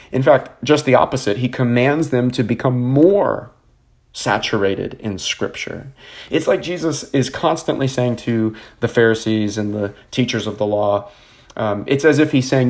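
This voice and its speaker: An earnest male pastor preaching a sermon in a mid-pitched voice. He speaks conversationally, often pausing on fillers and restarting phrases as he builds his point. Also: darkish tone.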